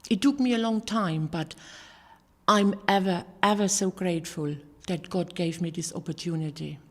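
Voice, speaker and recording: An older woman gives a personal testimony sermon in an earnest, halting way, with many restarts and fillers. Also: fairly low pitch. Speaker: sermon giver. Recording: hall reverb.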